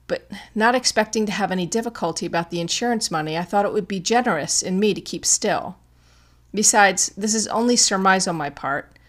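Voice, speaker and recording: A woman's voice: medium pitch, lightly acted. A woman voicing a grieving, widowed young mother who is proud and desperate, speaking with emotional pleading in an audiobook. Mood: earnest.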